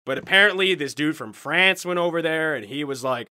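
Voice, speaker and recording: Guy riffing in casual chat, bright voice, swings his pitch a lot, dry sound. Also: fairly quick, hardly any pauses, dry recording. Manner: animated, swearing, jumps into put-on voices.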